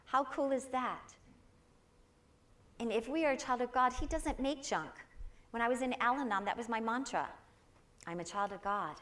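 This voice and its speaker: A woman's voice: on the high side, normal speed, long pauses. Older woman telling personal stories. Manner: personal storytelling, warm and earnest, with quoted voices. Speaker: guest speaker. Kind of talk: inspirational talk to a congregation.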